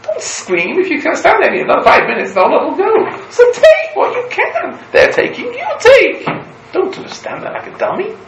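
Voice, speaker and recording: A man voicing a blunt wise old man who urges a robbed market woman to grab what she can, in a shrill, insistent scolding tone. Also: huge pitch swings, moderate pace, creaky, fairly bright tone, heavily acted. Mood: urging. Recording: roomy room with background noise.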